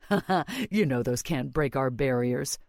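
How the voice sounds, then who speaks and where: A woman's voice: extremely low pitch, a little slow, darkish tone, dry recording, studio quality, pitched below the performer's own voice. A woman voicing a smug, taunting female warrior in an audiobook, scornful in how she talks. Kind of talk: audiobook character voice.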